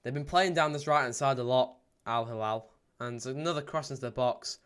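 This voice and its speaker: Smooth-voiced man chatting through a live watchalong. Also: medium pitch, brisk. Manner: casual, reads out viewer comments and commentates on the match, many ums; bursts into excited play-by-play at goals. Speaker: watchalong streamer. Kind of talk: live match watchalong chat.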